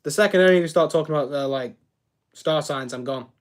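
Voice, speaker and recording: A man's voice: fairly high pitch, quick pace. Chatty young man streaming. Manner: chatty, rambling, reacts to chat and trips over words. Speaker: live streamer. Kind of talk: casual live-stream chat while building.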